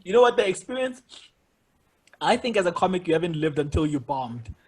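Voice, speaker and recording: Husky high-voiced male podcast host. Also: very animated, a little fast. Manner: storytelling with many restarts and repeated words. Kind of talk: casual interview chat.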